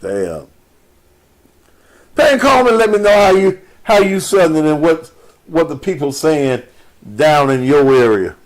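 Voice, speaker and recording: A man's voice: fairly high pitch, big pitch swings, measured pace, pauses often. A man hosting a live call-in show, bantering with crude, profane jokes. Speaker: radio call-in show host, addressed as pastor.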